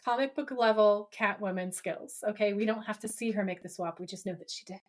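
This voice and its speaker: Woman, podcast co-host, casual recap chat, acts out lines, middle pitch. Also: a little fast. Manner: animated storyteller who acts out the characters' lines.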